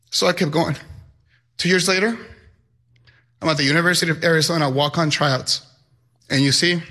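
Bright-voiced young man. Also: a little high. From Mexico. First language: Spanish. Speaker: high school Spanish teacher. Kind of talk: personal storytelling.

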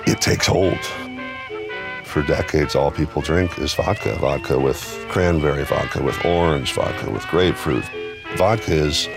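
Very deep-voiced man explaining thoughtfully. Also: moderate pace, vocal fry. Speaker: bar owner and spirits author. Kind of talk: reflective interview talk. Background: music.

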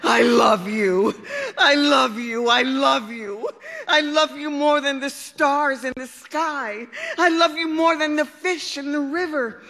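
A woman voicing an earnest, lovesick male duck in a storybook reading, pleading with a voice that climbs high and breaks. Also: very animated, measured pace, few pauses, pushed and bright, exaggerated voice. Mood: anguished. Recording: long hall reverb.

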